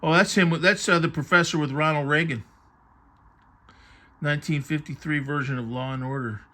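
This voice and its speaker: A man's voice: fairly high pitch, normal speed, sharp tone. Chatty man musing over a book. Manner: chatty, musing aloud, drifting between thoughts. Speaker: vintage TV book reviewer. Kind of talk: casual commentary while paging through a book.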